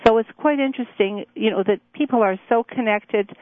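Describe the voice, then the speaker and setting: An older woman speaks as a guest on a radio show, relaxed and matter-of-fact as she describes her work. She comes through a narrow, tinny phone line. The sound is dry and close. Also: a little high, fairly quick, no room sound. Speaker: cookbook author and guest.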